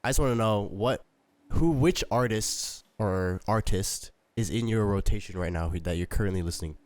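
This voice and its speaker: A young man hosting a casual podcast, slangy and quick to agree with the others. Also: lowish voice, darkish tone, dry recording. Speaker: podcast host. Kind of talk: casual chat.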